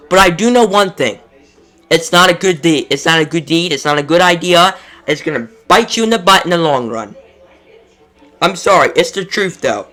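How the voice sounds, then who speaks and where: Male vlogger, fairly high, bright edgy voice, exasperated ranting delivery. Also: animated, fairly quick. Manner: frustrated, exasperated, profane. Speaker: collectibles YouTuber. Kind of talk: casual ranting commentary.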